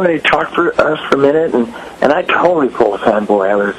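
A middle-aged man telling stories in casual chat, animated, acting out quotes in raised voices. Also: medium pitch, quick pace, a little hiss or hum, rough recording. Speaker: guest musician.

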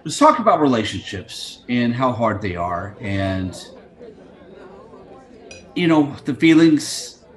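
A man's voice: medium pitch, very animated, takes it slowly, long pauses, a faint crowd. A middle-aged man hosting a podcast, rambling in a crude, joking, scatterbrained way over a video call. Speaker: podcast host. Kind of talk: casual rambling monologue.

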